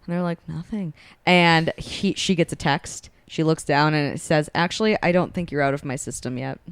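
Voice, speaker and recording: A young woman with a low, smooth voice chats casually on a podcast while retelling a romance plot. She slips into the characters' lines as she goes, and the sound is dry and close to the mic. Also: fairly even intonation, brisk, no echo. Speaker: podcast co-host.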